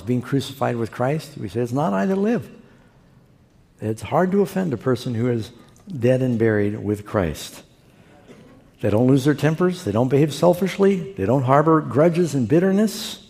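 A man preaching a sermon with a mellow, relaxed tone, acting out the quotes and stories he tells in an animated way. His voice rings with the long reverb of a large hall, as if heard in a church sanctuary. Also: mid-range voice. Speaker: pastor.

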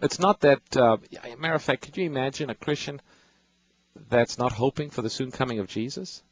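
A man's voice: mid-range voice, fairly quick, no echo, low-quality recording. A man hosting a radio Bible call-in show, patiently explaining scripture and reading verses to callers.

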